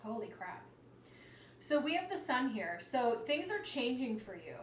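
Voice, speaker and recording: A woman giving a live tarot reading, chatty and animated, exclaiming over the cards as she goes. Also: on the high side, a little slow, distant mic, slight background noise. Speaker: tarot reader. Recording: roomy sound, slightly off-mic, faint ambience.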